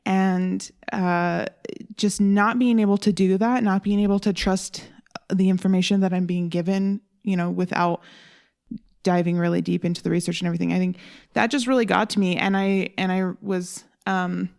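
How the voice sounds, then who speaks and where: A young woman and new mother co-hosting a podcast, talking in a thoughtful, measured, self-reflective way. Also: medium pitch, flat delivery, gravelly, darkish tone, smooth. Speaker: podcast co-host. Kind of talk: casual chat.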